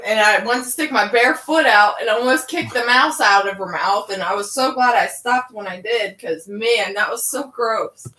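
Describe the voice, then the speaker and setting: A woman's voice: medium pitch, pushed and bright, reverberant, rough recording. A woman joining a casual chat and telling a story. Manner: chiming in, storytelling.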